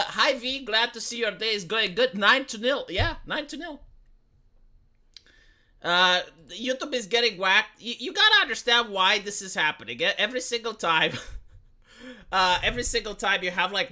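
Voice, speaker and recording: A young man with a Romanian accent and a squeaky voice, rambling through casual live-stream commentary with many restarts and reading chat aloud. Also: sharp tone.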